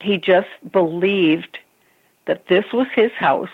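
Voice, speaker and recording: A woman working as a psychic medium, telling a ghost story in an interview in an expressive, chatty way, over a tinny phone-like line. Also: lowish voice, slow pace, husky. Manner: expressive, calls the listener honey and girl.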